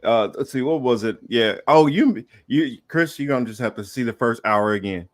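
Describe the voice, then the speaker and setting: A man hosting a casual podcast who laughs easily and talks in a halting way full of fillers. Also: mid-range voice, animated. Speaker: podcast host. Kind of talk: casual chat.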